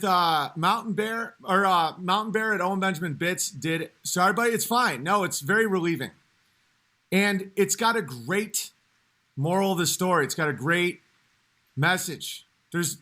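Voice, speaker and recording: A male comedian rambling through a casual livestream. He talks with a high, bright voice, stops and restarts a lot, and laughs easily. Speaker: comedian streamer.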